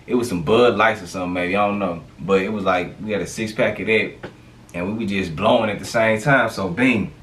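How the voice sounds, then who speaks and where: A man's voice: on the low side, brisk, far from the mic, a little hiss or hum. Slangy man telling a street story. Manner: slangy, animated retelling with many fillers. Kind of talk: casual storytime monologue.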